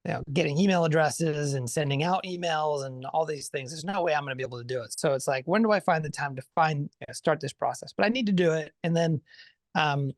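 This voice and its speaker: A man speaking as a guest on a podcast, thinking out loud in a friendly, rambling way. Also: a little high, fast talker, no echo, clean studio sound. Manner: thinks aloud with many fillers and restarts, upbeat. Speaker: podcast guest, consultant and author. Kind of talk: casual conversational interview.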